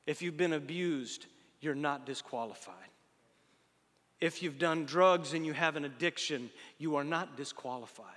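A man preaching a sermon, conversational and animated, full of rhetorical questions and joking asides. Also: on the high side, big-room sound. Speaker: pastor.

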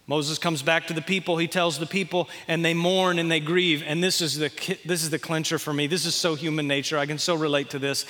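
A pastor preaching in a folksy, animated way, acting out quotes. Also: male voice, fairly high pitch, a little fast, hardly any pauses, in a large hall. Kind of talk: sermon.

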